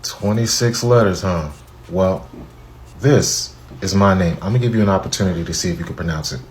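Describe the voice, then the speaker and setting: Man, lowish voice, mocking, incredulous, reaction rant. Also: fairly quick, a little hiss or hum.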